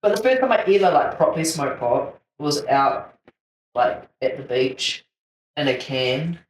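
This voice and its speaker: A woman's voice: low voice, lively intonation, a little slow. A young woman with a New Zealand accent hosting a casual chat, telling stories with slang, swearing and laughter. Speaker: podcast host. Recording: roomy, distant mic, faint ambience.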